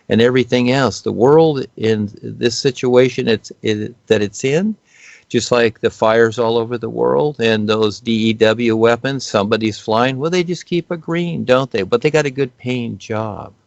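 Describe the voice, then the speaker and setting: Male guest speaker, low gravelly voice, unscripted and rambling, dull lo-fi recording. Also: dry recording. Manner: rambling, many fillers and restarts. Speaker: guest speaker on spiritual topics. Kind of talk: unscripted spiritual explanation.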